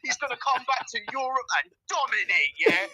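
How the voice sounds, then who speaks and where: A man puts on a whiny, overdone mock impression of a friend, pitched a little higher than his own talk and teasing throughout. The voice comes across bright and edgy, close and dry, in a casual chat. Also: a little fast, dry recording, full character voice. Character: exaggerated impression of a male co-host. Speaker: caller.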